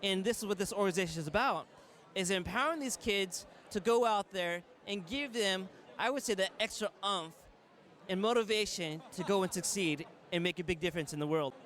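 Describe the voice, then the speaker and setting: A man with a high voice speaks earnestly, in a motivational way. He talks outdoors at a campus event. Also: fairly quick, a bit bright. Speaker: mentor. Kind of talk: interview answer.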